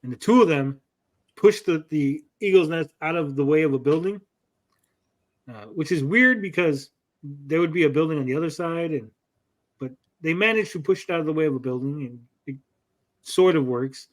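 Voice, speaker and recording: A man's voice: on the high side, normal speed. A man hosting a casual comic book review, retelling the plot with sarcastic asides.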